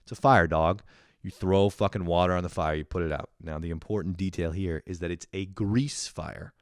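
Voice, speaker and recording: A man's voice: deep voice, fairly even intonation, normal speed, clear, resonant tone, no room sound, clean studio sound. A young man in his twenties, a podcast host telling a rambling story and ranting with constant swearing and laughter. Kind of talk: profane comedic rant.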